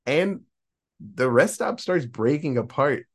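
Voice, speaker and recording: A man's voice: medium pitch, slow. A man hosting a podcast, casually recapping a horror film and acting out the characters' lines. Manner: animated storytelling, acting out quoted lines. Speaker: podcast host.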